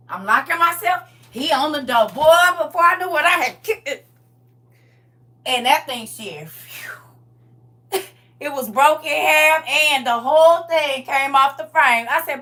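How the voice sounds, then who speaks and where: A woman giving an impassioned testimony, swinging between shouting and low intense talk with lots of emphatic repetition. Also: lively intonation, a little slow, long pauses, distant mic.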